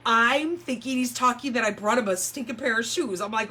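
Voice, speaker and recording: A woman with a bright, forceful voice hosts a crafting livestream from her home, chatting casually as she works. She rambles from one story to the next and laughs easily, with a faint hum of noise behind her. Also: fairly high pitch, brisk, hardly any pauses. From California. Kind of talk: casual chat while demonstrating paper crafts. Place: room at home.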